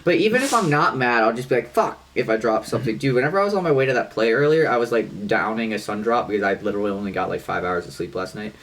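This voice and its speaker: A man's voice: fairly low pitch, animated, racing, few pauses, fairly bright tone, a little hiss or hum. A man co-hosting a podcast in casual chat, talking loosely with lots of fillers and casual swearing. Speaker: podcast co-host.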